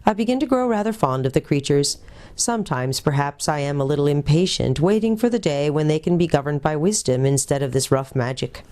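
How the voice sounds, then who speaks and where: A woman's voice: low voice, animated, fairly quick, mellow. A woman voicing a kindly, chatty old male magician in a storybook read-aloud. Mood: fond.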